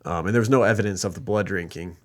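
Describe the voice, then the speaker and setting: A man's voice: deep voice, fast. A man co-hosting a true crime podcast, retelling a case from notes with jokey asides. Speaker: podcast co-host.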